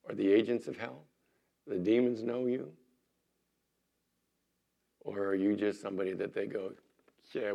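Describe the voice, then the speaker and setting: A man with a fairly low-pitched voice delivers a sermon as a pastor. He swings between loud, emphatic lines and soft, hushed asides, and his pitch jumps up on key points. His delivery is animated and pastoral.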